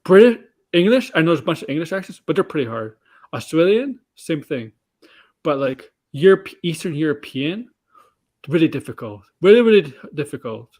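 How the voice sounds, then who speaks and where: A man's voice: on the high side, big pitch swings, normal speed, darkish tone. A man co-hosting a casual chat show, rambling with restarts and frequent laughs. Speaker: podcast co-host.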